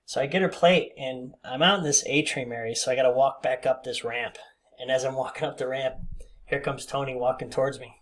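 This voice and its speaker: A man's voice: medium pitch, fairly even intonation, brisk. A man in his fifties telling a casual, rambling story with many fillers and restarts. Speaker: vlogger.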